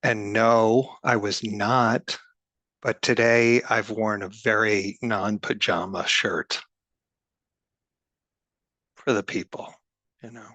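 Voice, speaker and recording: Wry, soft-spoken male meditation teacher with a lowish voice and many pauses. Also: steady tone, no room sound. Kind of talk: dharma talk.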